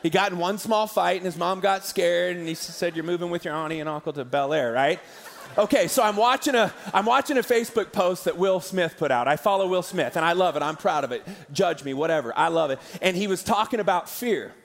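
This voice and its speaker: Pastor in a big echoing hall. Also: male voice, high voice, brisk, vocal fry. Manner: conversational, emotional, jokey asides. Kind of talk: sermon. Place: large arena church. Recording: long hall reverb.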